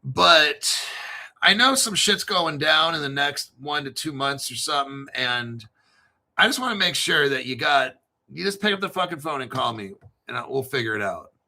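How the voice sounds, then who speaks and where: A man hosting a casual online talk show, talking in a profane, animated way. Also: fairly high pitch, normal speed. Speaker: crypto channel host. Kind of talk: casual livestream chat.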